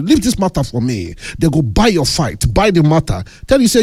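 A man's voice: on the high side, sing-song, a little mellow, husky, dry recording, studio quality. A man with a Nigerian accent hosting a radio call-in show, chatting with callers and reading out listener messages. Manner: chatty, laughing, drawn-out fillers while reading. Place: radio studio.

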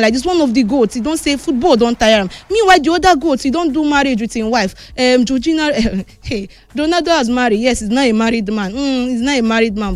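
Woman, Nigerian Pidgin accent, high voice, chatty sports news roundup, lively delivery. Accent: Nigerian Pidgin English. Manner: chatty, animated, switching between excited and somber tones.

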